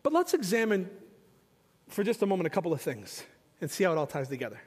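Fervent high-voiced preacher in a reverberant hall. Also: male voice, huge pitch swings, fast, a little mellow, husky. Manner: fervent, emphatic preaching with many repeated phrases and restarts. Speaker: pastor. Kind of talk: sermon.

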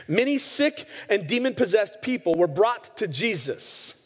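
A man's voice: high-pitched, lively intonation, a little fast, hardly any pauses. A man preaching a sermon, retelling scripture stories and acting out the quoted lines. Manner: storytelling, acts out quoted lines. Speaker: pastor. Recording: long hall reverb.

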